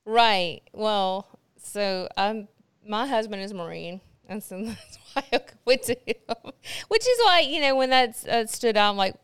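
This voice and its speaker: Smooth-voiced chatty woman storyteller. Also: mid-range voice, lively intonation, measured pace, dry recording. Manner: chatty storyteller, frequent fillers and laughter. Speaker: podcast co-host. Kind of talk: casual chat.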